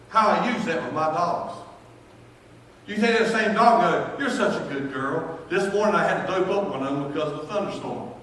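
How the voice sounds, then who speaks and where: A man preaching a sermon as pastor, animated and swinging between loud bursts and hushed asides. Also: sits high. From North Carolina, US. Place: church sanctuary. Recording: echoey church hall, from far off.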